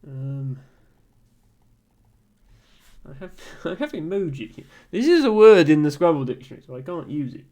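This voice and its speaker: A man streaming a word game and chatting casually with viewers in a dry, amused way, thinking aloud with soft chuckles and ums. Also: fairly high pitch, sing-song, normal speed, long pauses.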